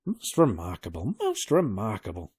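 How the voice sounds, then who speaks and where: A man's voice: on the low side, wildly swooping pitch, moderate pace, darkish tone, breathy edge, no echo, studio quality, heavily acted. A man voicing a fussy, absent-minded old male professor who mutters stock phrases in a raised, flustered voice.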